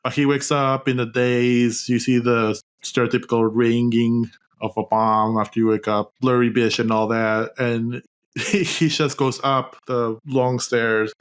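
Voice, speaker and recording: A young man co-hosting a podcast, casually recapping a film, animated and laughing, with sudden high-pitched outbursts. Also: unhurried, clear, resonant tone. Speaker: podcast co-host.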